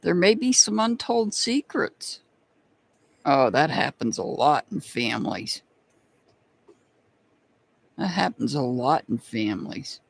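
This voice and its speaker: A tarot and rune reader on a live stream, talking straight to chat viewers and musing between pauses. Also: mid-range voice, big pitch swings, gravelly.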